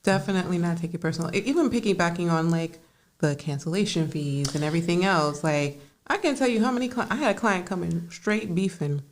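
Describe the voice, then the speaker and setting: Animated, laughing woman. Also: on the low side, fast. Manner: animated storytelling, laughs often, acts out quotes. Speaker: therapist, podcast co-host. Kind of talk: casual chat.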